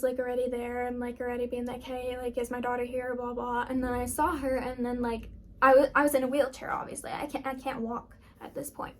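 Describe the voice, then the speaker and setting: A young woman vlogger telling a personal story in a casual, rambling way, full of fillers. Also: high voice.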